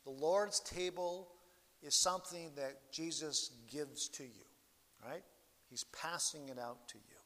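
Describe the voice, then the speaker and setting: Bright and rather high-pitched for a man, a pastor preaches a sermon with slow, earnest deliberation. His loudness rises and sinks in sweeping arcs, and the audio carries a long hall reverb.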